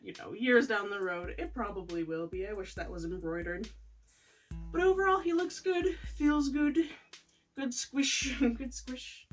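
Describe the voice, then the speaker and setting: A woman's voice: mid-range voice, distant mic. A woman chatting casually as she reviews toys, laughing often between her remarks. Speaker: toy reviewer. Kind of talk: casual product review vlog.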